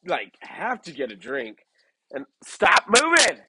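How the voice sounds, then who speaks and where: A man doing the voice of a loud, excited young male waiter who talks like a laid-back bro. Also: very high-pitched, slightly rough, pitched above the performer's own voice, heavily acted. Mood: hyped. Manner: shouty, excited, drawn-out bro talk.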